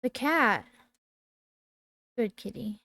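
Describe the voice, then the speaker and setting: A woman in her twenties, a gamer reading horror game text aloud in a slow, dramatic way. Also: fairly high pitch, animated, pushed and bright. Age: 20s. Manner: slow, dramatic reading with sudden startled outbursts.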